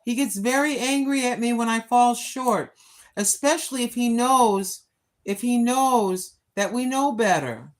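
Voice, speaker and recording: A woman's voice: fairly high pitch, lively intonation, measured pace. An older woman talking casually and preachily while live-streaming on a walk, recorded on her phone. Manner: chatty, preachy, talks to herself. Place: outdoors on a walk.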